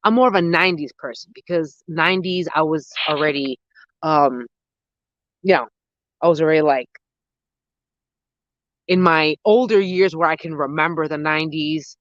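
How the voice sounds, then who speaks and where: A gardening host in their thirties, chatting casually with live viewers outdoors at dusk. They ramble excitedly and use a lot of slang. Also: medium pitch, normal speed, long pauses, no echo, lo-fi sound. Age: 30s. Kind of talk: casual live-stream chat answering viewers.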